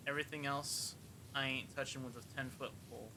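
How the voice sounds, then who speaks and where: A man's voice: medium pitch, fairly even intonation, a little fast, background noise. A man streaming a cleaning game, rambling and joking to himself and his viewers as he plays. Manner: rambling, joking, talks to himself while playing. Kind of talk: casual gameplay commentary.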